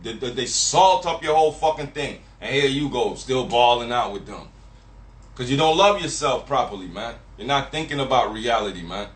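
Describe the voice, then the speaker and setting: A man's voice: mid-range voice, lively intonation, normal speed. A man ranting to camera in a profane, emphatic, repetitive and preachy way. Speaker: vlogger. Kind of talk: profane casual rant. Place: Miami. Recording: echoey room.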